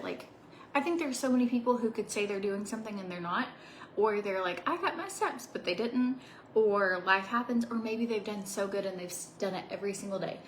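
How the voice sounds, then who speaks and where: A chatty woman in her thirties talks casually to her viewers, bubbly and rambling, with little laughs between thoughts. Her voice sits in a mid range and bounces around an echoey home office. A faint ambient hum stays under it. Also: medium pitch. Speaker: vlogger. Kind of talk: casual chat to camera.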